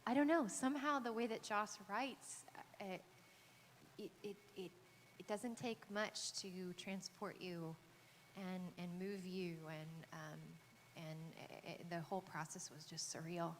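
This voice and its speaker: A woman's voice: medium pitch, a little slow. A woman from Texas, an actress on a convention panel, telling a casual anecdote with many fillers, restarts and laughs. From Texas, USA. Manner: hesitant, lots of fillers and restarts, laughs often. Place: large convention hall panel. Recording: echoey convention hall, faint noise.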